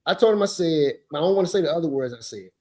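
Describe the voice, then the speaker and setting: Man in his fifties, podcast host, high voice, emphatic storytelling. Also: lively intonation, fast, dark tone.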